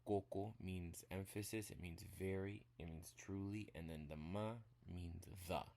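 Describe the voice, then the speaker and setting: Low gravelly man teaching slowly. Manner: relaxed, talks through examples step by step with occasional swearing. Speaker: language teacher. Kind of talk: casual spoken lesson.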